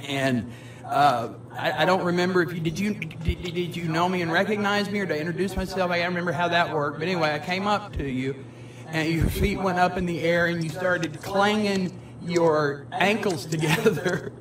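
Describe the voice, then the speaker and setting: A man's voice: sits high, moderate pace. Rambling, emotional man, distant mic. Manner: rambling, stammering, laughing often. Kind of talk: emotional personal conversation. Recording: distant mic with crowd noise.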